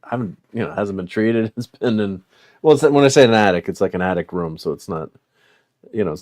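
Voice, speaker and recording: Middle-aged male toy collector, slightly low voice, loose rambling delivery full of "uh"s and chuckles; portable mic. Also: fairly quick, darkish tone. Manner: rambling, many fillers, chuckling. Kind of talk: casual unboxing chat.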